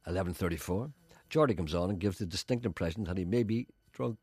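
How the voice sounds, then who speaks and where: A man's voice: sits low, fast talker, darkish tone, breathy edge, no echo. A middle-aged man presenting radio, dry and self-mocking as he reads out listener letters. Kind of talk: wry radio chat with comic readings. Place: radio studio.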